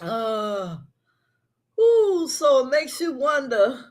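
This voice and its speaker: Slow-talking middle-aged woman chatting live. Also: sits high, sing-song. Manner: chatty, talks straight to viewers, drawn-out storytelling. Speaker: host of a live recap show. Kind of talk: casual live chat with viewers. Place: at home in her apartment.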